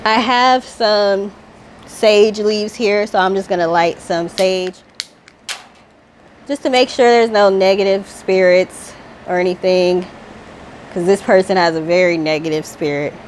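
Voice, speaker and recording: A woman with a middle-pitched voice guides viewers step by step through a spiritual healing ritual in relaxed, everyday speech, with slight background noise. She stays gently instructive and unhurried, reading her affirmations slowly and deliberately.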